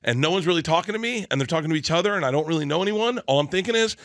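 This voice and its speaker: A male comedian spins a long story with a bright, ringing tone and a bouncy, swooping delivery. He talks in excitable bursts, restarts his sentences and stammers, and slips into other people's voices along the way. His pitch sits a little high and the sound is dry and close. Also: rapid-fire, no room sound. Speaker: comedian, guest. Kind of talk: animated storytelling anecdote.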